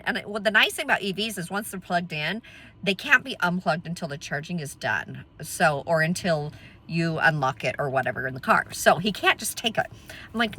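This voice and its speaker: A middle-aged woman tells a story with a lot of expression, her voice swinging up and down as she acts out the people in it. Her voice is bright and a little husky, and she laughs often along the way. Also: on the low side, very animated, quick pace. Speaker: vlogger telling a story. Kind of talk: animated storytelling.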